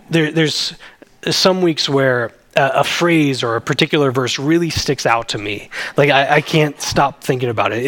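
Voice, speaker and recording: A man's voice: on the high side, fairly bright tone. A man, a pastor, preaching a sermon in an earnest, conversational way.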